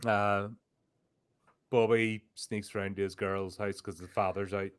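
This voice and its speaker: A man's voice: lowish voice, little pitch movement, a little slow, clean tone. A man co-hosting a horror podcast, chatty and wry, telling things at length. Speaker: podcast co-host. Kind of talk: casual chat.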